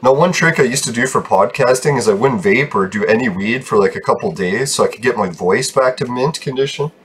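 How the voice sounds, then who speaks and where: A young man who makes game videos offers profane, frustrated commentary over his gameplay, breaking into laughter at times. His voice is medium-pitched and fairly quick, with slight background noise.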